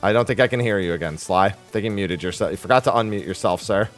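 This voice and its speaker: A man hosting a casual podcast over an online call, talking in quick, exasperated banter about tech trouble. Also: lowish voice, faint music behind. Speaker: podcast host. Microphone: desk microphone on a call.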